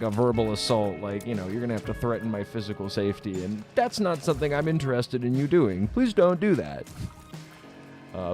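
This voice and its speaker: A man livestreaming, reading out his chat and answering it in a combative, sarcastic way, swearing freely and laughing at his own jokes. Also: on the low side. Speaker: streamer.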